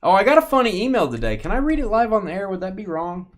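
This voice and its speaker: A man with a high voice speaks at a quick pace as he hosts a live card-opening stream. Playful and joking, he banters casually with people in the room and in the chat, his tone swinging lively.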